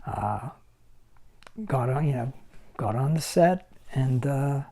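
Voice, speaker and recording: Man, 60s, special effects makeup artist, interview guest, animated storyteller, acts out quoted lines, mellow warm voice. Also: medium pitch, slow pace, slightly rough. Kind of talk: anecdotal storytelling.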